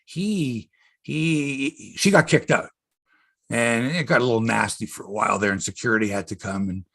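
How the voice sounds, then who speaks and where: Husky, gravelly male podcast host. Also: medium pitch, normal speed, a bit bright, no room sound, studio quality. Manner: profane, rambling storyteller. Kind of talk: casual podcast chat.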